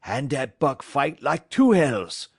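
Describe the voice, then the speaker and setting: A man voicing an excitable, rough French-Canadian dog driver in an audiobook, with a heavy French accent and shouted exclamations. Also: medium pitch, takes it slowly, dry recording, clean studio sound, pitched above the performer's own voice, heavily acted. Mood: gloating. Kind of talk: audiobook character voice.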